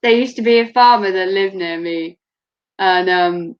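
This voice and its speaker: A woman's voice: medium pitch, a little slow, clear, resonant tone. A woman from Norfolk with a slight Norfolk accent, chatting casually as a vlogger, laughing and swearing freely. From Norfolk, England. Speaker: vlogger, mother. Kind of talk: casual chat. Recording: dull lo-fi home recording.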